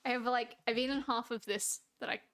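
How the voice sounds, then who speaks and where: A woman's voice: fairly high pitch, steady tone, fairly quick, a bit bright. Chatty Australian woman streamer. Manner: rambling, chatty, laughs often, trails off mid-sentence. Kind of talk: casual chat with a live audience.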